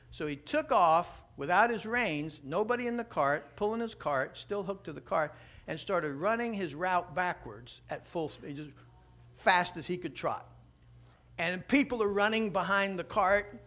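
Bright-voiced man telling a sermon story. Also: high-pitched. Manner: animated, conversational storytelling. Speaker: preacher.

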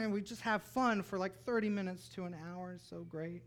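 A man in his thirties delivers a sermon from the pulpit. His voice sits a little high. He moves between quiet, intimate asides and sudden loud, excited bursts. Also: a little fast, few pauses. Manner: animated, rises to near-shouting bursts and drops to soft asides. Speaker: pastor.

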